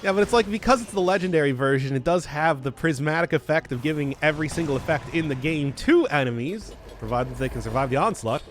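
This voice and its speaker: A man's voice: a little high, expressive, slight background noise. A man with a Midwestern accent doing live game commentary, rambling and restarting his sentences as he chats with viewers. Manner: rambling, self-interrupting, quick to laugh. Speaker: game streamer. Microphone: desk mic through a mixer.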